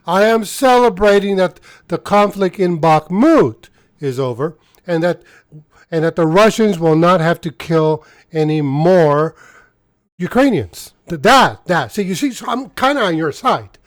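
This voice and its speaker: A man with a fairly high voice delivers casual news commentary with open mockery, often breaking into laughter. He rambles and restarts his sentences. The sound is dry and close, with no room around it. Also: dry recording. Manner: mocking and sarcastic, laughs often. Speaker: channel host.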